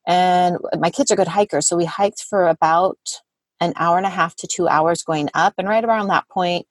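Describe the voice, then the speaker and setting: A woman in her thirties tells a long personal story in a relaxed interview, dropping "like" often and acting out what people said. Her voice sits fairly low, and the sound is dry and close. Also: moderate pace, no room sound. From Southern California. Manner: chatty, many "like" fillers, acts out quotes. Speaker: guest therapist and parent. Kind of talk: casual podcast interview storytelling.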